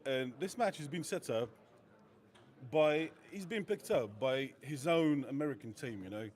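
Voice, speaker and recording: A man's voice: a little high, animated, a little slow, darkish tone. Guy, cocky, broken english, swears a bunch. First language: Lithuanian. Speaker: fighter guest.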